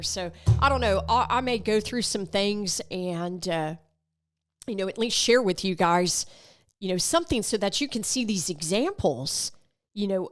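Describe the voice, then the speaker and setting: A woman hosting a faith podcast, talking casually and animatedly and acting out remembered conversations. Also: medium pitch. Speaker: podcast host.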